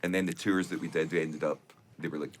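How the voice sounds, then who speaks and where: A middle-aged Scottish man in a band, telling stories in a relaxed interview and laughing easily. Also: very deep voice, fast, a little hiss or hum. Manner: chatty storyteller, laughs easily. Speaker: band member, singer and guitarist. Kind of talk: casual interview chat.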